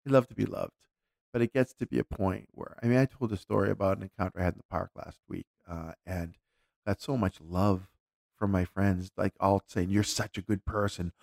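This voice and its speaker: Man, low and gravelly, dry close mic; candid, reflective storyteller. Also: steady tone, fairly quick, darkish tone, no room sound. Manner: candid, reflective, with frequent restarts. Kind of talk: casual conversational storytelling.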